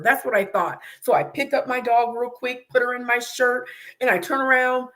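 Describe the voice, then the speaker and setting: A middle-aged woman hosting a chat tells her stories with big energy. She laughs through them and acts out her own cries. Her voice sits a little high. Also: normal speed. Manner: lively storyteller, laughs often, acts out her own screams. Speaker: host. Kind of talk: casual interview chat, animated storytelling.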